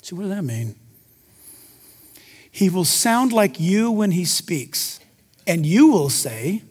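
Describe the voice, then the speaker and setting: A male pastor preaching in a very high, excitable voice that swings between booming and hushed. The sound carries a long hall reverb, as in a large church. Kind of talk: sermon.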